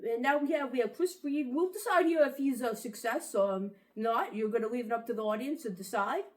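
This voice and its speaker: A woman's voice: a little high, brisk, lightly acted. A woman playing a boastful macho male host. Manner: boastful, rambling, vain. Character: cocky macho male self-help show host. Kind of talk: comedic talk-show sketch.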